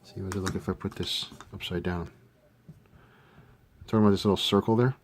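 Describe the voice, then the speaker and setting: A man with a fairly low voice walks through a model build in a casual tutorial. He thinks aloud as he works, relaxed and unhurried, with plenty of fillers. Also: noisy background. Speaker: scale model hobbyist demonstrating a kit build.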